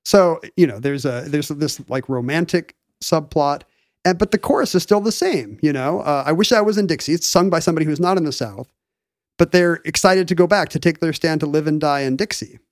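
A man in casual chat, explaining a bit of history in an animated way with lots of fillers and restarts. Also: a little high, brisk, no echo, clean studio sound.

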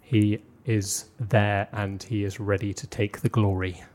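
A man's voice: lowish voice, level tone, measured pace, a little mellow. A man co-hosting a podcast, explaining things at length with lots of filler words. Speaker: podcast co-host. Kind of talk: casual podcast chat.

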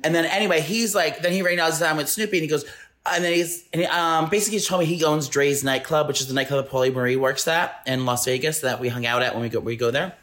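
A man's voice: fairly high pitch, fast talker. Male co-host, casual storyteller, loose and rambling, lots of restarts. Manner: rambling, animated anecdote with frequent restarts. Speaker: podcast co-host.

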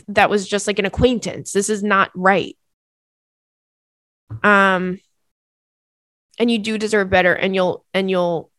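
A woman's voice: mid-range voice, fairly bright tone, no echo, studio quality. A young woman hosting a podcast, giving candid advice in a chatty, casual way with frequent swearing and asides. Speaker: podcast host.

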